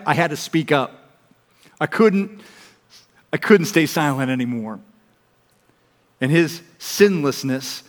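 A man with a somewhat high voice preaches a sermon in a church auditorium. He is emphatic, rising to loud appeals and falling to soft, hushed pleas. Long reverb from the large hall trails his words. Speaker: pastor.

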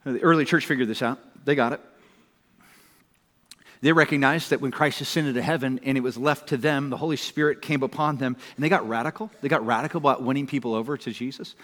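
Emphatic preacher in an echoing hall. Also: male voice, medium pitch, fast. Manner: emphatic, repeats words, builds to loud urgent preaching. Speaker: pastor. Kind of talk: sermon. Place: church sanctuary. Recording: long hall reverb.

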